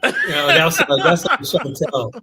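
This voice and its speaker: A man's voice: fairly high pitch, wildly swooping pitch, brisk, over a noisy crowd. A man hosting a podcast, chatting in a laid-back, teasing way. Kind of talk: casual chat.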